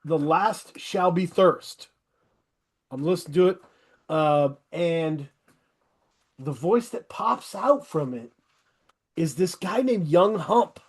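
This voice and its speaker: A middle-aged male podcast host talks with a fairly high voice. He is loose and rambling and eagerly pushes new music on his guests in a casual interview chat. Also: lively intonation, slow pace, pauses often. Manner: enthusiastic, rambling recommendations.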